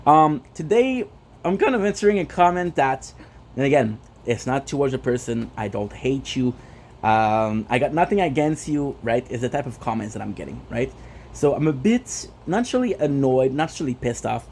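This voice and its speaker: A man whose first language is French rants bluntly to his stream audience, swearing and circling back over the same points. His voice is mellow and warm, sitting at an ordinary pitch for a man. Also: expressive, moderate pace, slight background noise. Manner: frustrated, blunt, repeats himself, swears. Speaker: gaming streamer. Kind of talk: casual ranting vlog.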